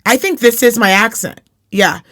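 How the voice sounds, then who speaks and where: A woman's voice: on the high side, normal speed, fairly bright tone. A young woman from Reno co-hosting a podcast in casual chat, brash, swearing and laughing often. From Reno, Nevada. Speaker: podcast co-host.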